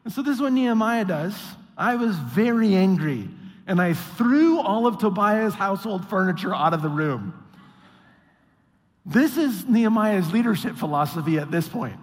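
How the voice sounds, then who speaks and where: A man preaching a sermon, acting out quotes with mock voices in an animated way. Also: high-pitched, normal speed. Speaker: pastor. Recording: long hall reverb.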